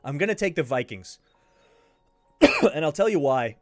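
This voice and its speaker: A man's voice: on the high side, big pitch swings, moderate pace, no echo, soft background music. Emphatic man giving sports picks. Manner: emphatic, repeats himself for stress. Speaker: sports betting show host. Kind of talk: casual betting picks talk.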